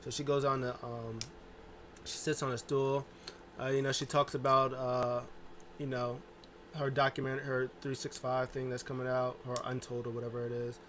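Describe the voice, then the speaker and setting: A man's voice: mid-range voice, little pitch movement, moderate pace, fairly bright tone, a little hiss or hum. A man giving a loose, rambling casual recap monologue, full of filler words and restarts. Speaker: wrestling show reviewer.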